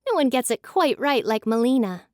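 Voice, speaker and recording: A brisk woman who keeps a potion shop in a fantasy audiobook, voiced by the narrator. She speaks in a matter-of-fact tone, a little lower than the narration. The recording is dry and close. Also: sing-song, a little mellow, dry recording. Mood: pleased, brisk. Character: brisk female potion shopkeeper.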